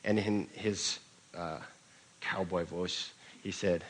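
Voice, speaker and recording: Deep-voiced man preaching a sermon. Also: steady tone, takes it slowly, low-quality recording. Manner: conversational storytelling with occasional restarts. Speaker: pastor.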